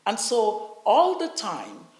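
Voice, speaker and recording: A woman's voice: mid-range voice, huge pitch swings, takes it slowly, darkish tone. A Nigerian woman speaking on stage at a conference, passionately, acting out the voices of different groups. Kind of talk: on-stage conversation. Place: conference hall. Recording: echoey conference hall.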